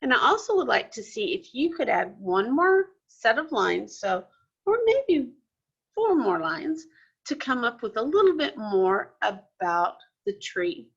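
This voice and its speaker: A woman's voice: a little high, very animated, measured pace, gravelly, husky, muffled recording. A woman teacher giving a recorded lesson to young children, explaining patiently step by step. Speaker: second grade teacher.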